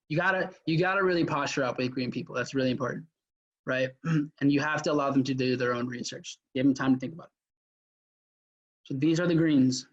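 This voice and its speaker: A man's voice: mid-range voice, steady tone, brisk. Chatty man teaching, dull lo-fi audio. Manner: chatty, filler-heavy, with frequent restarts. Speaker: mentor teaching a sales workshop. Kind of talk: casual live workshop lecture.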